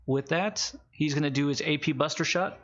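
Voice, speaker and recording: A man running a tabletop game as game master, narrating with wry, halting asides. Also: fairly high pitch, fairly bright tone, dull audio.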